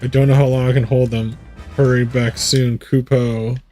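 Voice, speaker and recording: A man's voice: medium pitch, little pitch movement, normal speed, warm tone, faint music behind, lightly acted. A man voicing a small, fussy and worried moogle creature from a video game. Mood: fretful. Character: small fretful moogle creature ending lines with kupo.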